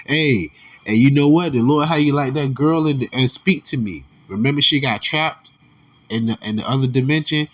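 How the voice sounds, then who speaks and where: A man giving casual religious commentary, reading scripture aloud with slang and quiet muttered asides. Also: mid-range voice, animated, moderate pace.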